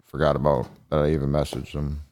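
Super deep voiced guy, chill cohost, jokey. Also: little pitch movement, fast talker, a little mellow. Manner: laid-back, joking. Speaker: podcast co-host. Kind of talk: casual podcast chat.

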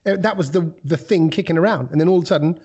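A man hosting a casual podcast chat, telling animated stories and putting on voices. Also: a little high, fast talker, breathy edge, highs cut off. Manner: animated storyteller, puts on voices in anecdotes. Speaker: podcast host.

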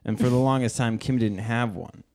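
A man in casual chat, asking lively questions and joking. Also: medium pitch, a little fast.

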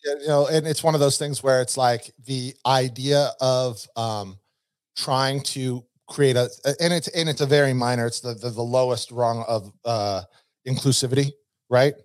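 A man's voice: medium pitch, moderate pace, no echo, studio quality. A man co-hosting a casual chat, rambling and hedging his points as he goes. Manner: rambling, hedging, frequent restarts. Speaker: podcast co-host.

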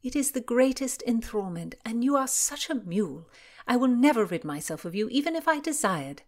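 A woman reading aloud and voicing an earnest young noblewoman on a quest, pleading and lively. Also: fairly high pitch, a little fast, pitched above the performer's own voice.

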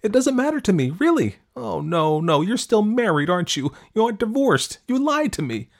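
A man's voice: animated, fairly quick, mellow, lightly acted. A man voicing an older woman who fires accusing questions at a man who lied to her. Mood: angry accusing. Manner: pleading then accusing, rising higher as she gets upset. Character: older woman, angry, hurt and suspicious.

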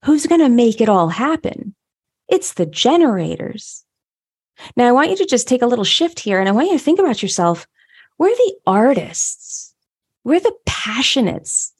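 A woman's voice: fairly high pitch, sing-song, a little fast, a little mellow, husky. A woman giving a motivational teaching talk, upbeat and emphatic, repeating phrases for stress. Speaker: human design teacher.

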